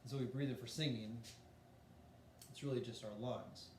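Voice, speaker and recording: A man's voice: mid-range voice, fairly even intonation, normal speed, roomy sound, a little hiss or hum. A man teaching a voice lesson in a casual, explanatory way, demonstrating breathing and singing exercises. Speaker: music teacher.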